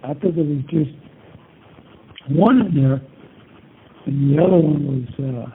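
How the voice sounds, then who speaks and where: A man's voice: a little high, unhurried, a little hiss or hum. An older man talking in a casual, meandering way, rambling through memories and leaning on "you know" and curse words. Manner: meandering, peppers talk with "you know" and cursing. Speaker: interviewee. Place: prison, over a phone call. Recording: tinny phone line.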